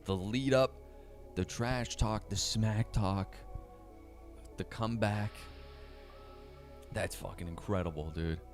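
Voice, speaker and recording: A man's voice: on the low side, slow pace, pauses often, over music. A young man hosting a casual livestream, chatting in a laid-back, profane, slangy way and answering live chat comments. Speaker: livestream host.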